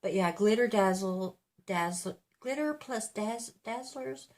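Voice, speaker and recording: A woman in her fifties has a mid-range, slightly mellow voice and an unhurried pace. She's a beauty vlogger getting ready at home, chatting casually, rambling and correcting herself as she goes.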